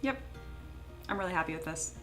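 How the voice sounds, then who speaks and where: A young woman from California talks in a slightly low voice, chatty and rambling as she works through a livestream. She laughs easily, and faint music plays behind her. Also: expressive, fairly quick. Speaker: 3D sculptor streaming her work. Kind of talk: casual livestream chat while working.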